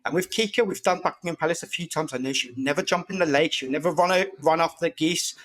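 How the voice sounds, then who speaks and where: A man's voice: a little high, fast, fairly bright tone. A man, a guest on a podcast, chatting casually and acting out voices in his stories. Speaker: podcast guest, disability campaigner. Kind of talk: casual storytelling chat.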